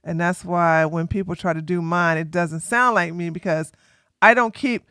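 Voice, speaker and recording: A woman livestreamer in casual chat, talking softly and without hurry. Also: lowish voice, steady tone, clean tone, no room sound, soft background music. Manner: soft, unhurried talk, a break from her usual yelling.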